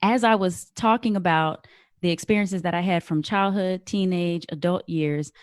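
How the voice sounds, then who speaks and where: A woman's voice: fairly low pitch, normal speed, no echo, clean studio sound. A woman speaking earnestly and reflectively as a podcast guest in casual conversation, often repeating her words.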